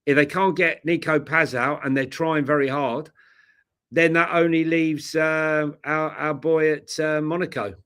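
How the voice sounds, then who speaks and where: A man's voice: a little high, fairly even intonation, a little slow, fairly bright tone, clean tone. Tired man bantering about football. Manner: blunt, jokey banter. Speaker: co-host. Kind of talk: casual football chat.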